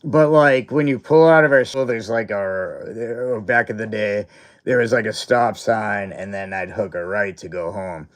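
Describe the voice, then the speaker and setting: A man's voice: fairly low pitch, unhurried. A man hosting a livestream, telling a story from school in a loose, rambling way, full of filler words and breaking into laughs. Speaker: livestream host. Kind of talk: casual storytelling chat.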